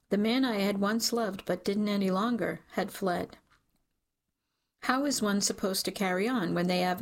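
A woman narrating a dark first-person audiobook in a measured, grave manner. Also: medium pitch.

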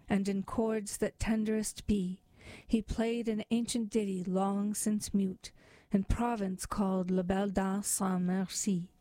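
Slow, mellow woman reading poetry. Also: medium pitch, no room sound. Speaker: reader.

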